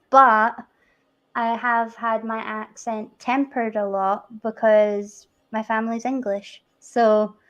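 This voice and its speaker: Giggly Edinburgh-accented woman, lo-fi. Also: on the high side. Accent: Edinburgh Scottish. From Scotland. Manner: giggly, chatty, quick to laugh. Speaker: stream host. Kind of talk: casual livestream chat.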